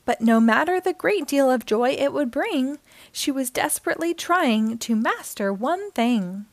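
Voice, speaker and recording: A woman with a high voice reads a rhyming children's picture book aloud in a gentle, lilting rhythm. The sound is close and dry, with no room echo. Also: animated, a little slow.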